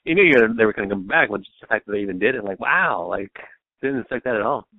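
A man's voice: lowish voice, animated, fast, no room sound. A man guesting on a podcast, chatting in a laid-back way with casual swearing. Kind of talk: casual chat. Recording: dry, tinny phone-like sound.

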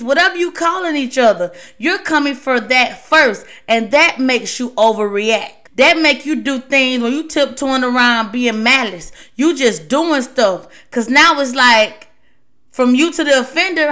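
A woman's voice: high-pitched, expressive, moderate pace, pushed and bright. A woman hosting a podcast, giving emphatic advice in a casual monologue, repeating words for stress. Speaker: podcast host.

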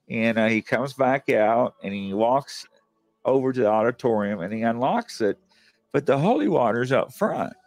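A man's voice: mid-range voice, darkish tone, dry recording. A man hosting a show and telling a long, chatty story, with many fillers along the way. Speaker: host. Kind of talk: casual storytelling.

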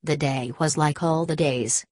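A woman narrating an audiobook in a measured, plain storytelling manner. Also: low voice, a little mellow, no room sound.

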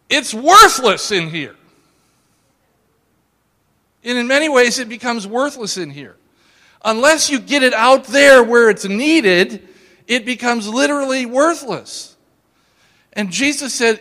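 A man with a notably high voice delivers a sermon in a church sanctuary, his words trailing off into a long echo. He talks to the congregation directly, with playful quiet asides and sudden forceful exclamations. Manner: emphatic, calls out to the congregation, shifts from hushed asides to loud exclamations. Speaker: pastor.

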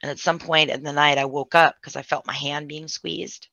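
A woman candidly recounting a painful family story in an emotional way, with vocal fry. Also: sits low, level tone, normal speed, bright, forceful tone, dry recording. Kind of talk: personal storytelling. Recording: dull, dry lo-fi sound.

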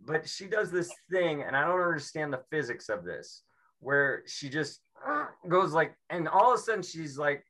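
Bright-voiced rambling comedian man. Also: fairly high pitch, animated, normal speed. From Seattle. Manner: rambling, self-mocking, breaks into mimicry. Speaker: stand-up comedian. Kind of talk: stand-up comedy set.

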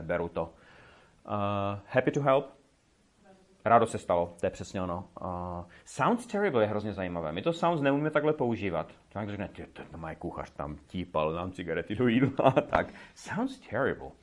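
Lively low-voiced male language teacher. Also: fairly quick. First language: Czech. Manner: lively, explains with example dialogues, switches languages. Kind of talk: classroom teaching. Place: classroom.

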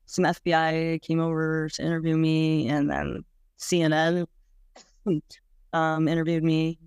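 A woman's voice: low voice, completely flat delivery, a little slow, darkish tone, clear, resonant tone, no room sound, clean studio sound. A woman recalling her own experiences in an interview, speaking frankly and casually, full of "like"s and the odd blunt swear word. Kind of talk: candid personal recollection.

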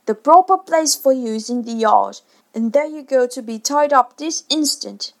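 A woman voicing a blustering, self-pitying middle-aged father in a storybook reading, talking loudly and shouting. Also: high-pitched, normal speed, gravelly, pitched above the performer's own voice.

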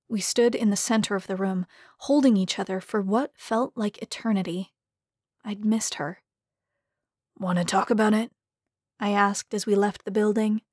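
A woman narrating a story in a measured, even way. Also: mid-range voice, no room sound, studio quality. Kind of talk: scripted narration.

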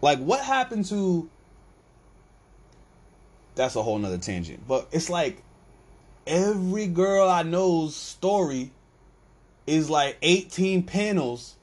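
A man with a slightly high voice hosts a podcast, speaking slowly and pausing often. He drifts through a rambling comedic monologue, acting out bits of his stories with lively voices.

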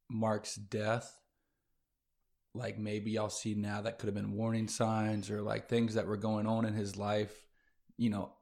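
Man, podcast host, lowish voice, gentle questions. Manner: attentive, gentle follow-up questions. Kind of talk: interviewing.

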